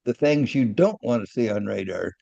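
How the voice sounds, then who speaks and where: A man's voice: lowish voice, animated, normal speed, creaky, dark tone, dry recording, highs cut off. An older man, a retired aircraft engineer, talking casually in an interview, often repeating words and chuckling at his own stories.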